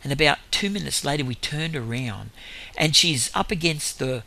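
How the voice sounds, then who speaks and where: A man's voice: mid-range voice, animated, moderate pace, vocal fry, sharp tone. A man with an Australian accent tells faith stories in a rambling way, chuckling between them and correcting himself as he goes. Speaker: lay minister. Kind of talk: storytelling testimony.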